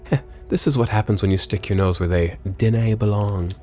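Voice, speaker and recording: A man voicing a gruff, scheming male kidnapper with a hammy lilt while reading a game aloud. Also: on the low side, brisk, a little mellow, pitched below the performer's own voice, natural voice. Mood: gloating.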